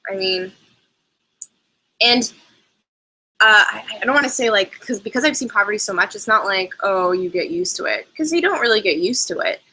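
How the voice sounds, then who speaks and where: A woman's voice: medium pitch, expressive, normal speed, long pauses, pushed and bright, low-quality recording. A young woman hosting a live travel chat, answering viewers' questions in a chatty, rambling way with frequent asides. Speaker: travel show host.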